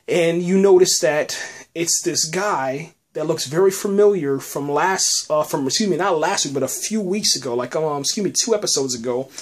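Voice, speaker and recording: A man hosting a casual podcast, retelling a TV episode in an animated way and peppering his talk with "man" and "you know what I'm saying". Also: fairly high pitch, moderate pace. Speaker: podcast host reviewing a TV episode.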